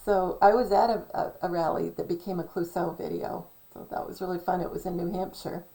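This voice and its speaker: A middle-aged woman talking in a rambling, casual monologue, hesitant and full of ums and self-corrections, a little hoarse from losing her voice. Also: on the low side, steady tone, brisk, dark tone, low-quality recording. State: losing her voice, clearing throat. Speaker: channel host.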